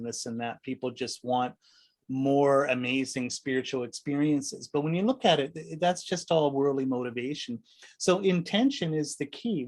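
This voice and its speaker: A man leading a meditation class, talking in a loose, conversational way, often asking "right?" and acting out little voices. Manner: rambling, conversational, full of rhetorical "right?"; acts out voices with sudden high pitch jumps. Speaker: meditation teacher. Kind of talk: casual dharma class talk.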